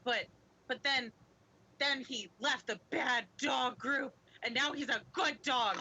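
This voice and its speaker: Giggly high-voiced woman player. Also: takes it slowly, sharp tone, breathy edge, poor audio. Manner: giggly, playful, self-deprecating. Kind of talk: casual tabletop game chat.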